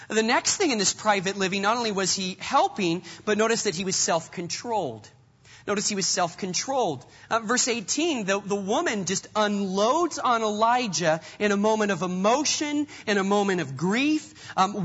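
Earnest preacher in an echoing hall. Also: male voice, sits high, animated, moderate pace, fairly bright tone, slightly rough, dull audio. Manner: earnest, repeats words often, acts out quotes. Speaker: pastor. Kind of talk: sermon.

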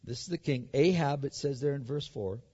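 A male pastor preaching a sermon, emphatic and animated, acting out the story as he reads it. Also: mid-range voice, fairly quick, husky. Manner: animated, emphatic, acts out the scripture. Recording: echoey hall, dull sound.

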